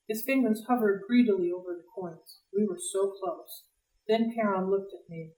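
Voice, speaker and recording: Lady reading a chapter out loud for a library read-along, lively, echoey room, sits kinda far from the mic. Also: mid-range voice, moderate pace. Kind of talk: reading a novel aloud. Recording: roomy, distant mic.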